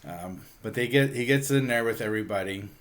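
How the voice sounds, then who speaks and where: A man with a somewhat low voice hosts a relaxed book review. He talks in an easygoing, halting way, filling pauses with ums and uhs and chuckling now and then as he walks through the story. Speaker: book reviewer, channel host. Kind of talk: casual comic book review.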